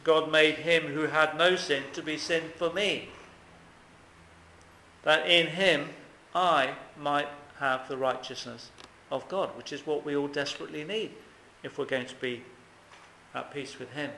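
A man preaches with earnest emphasis, putting questions to his congregation. His voice is bright and a little high. The recording carries a roomy echo with faint ambient noise behind it. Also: fairly even intonation, unhurried, vocal fry, pauses often. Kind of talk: sermon.

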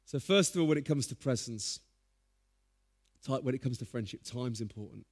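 A man preaching a sermon, telling stories in a lively, humorous way. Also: mid-range voice, moderate pace.

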